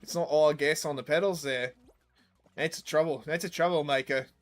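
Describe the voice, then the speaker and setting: A young male streamer chatting over a game with rambling, self-mocking humor and casual swearing. His voice sits a little higher than most men's. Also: steady tone, normal speed, faint music behind. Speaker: gaming streamer. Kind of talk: casual gameplay commentary.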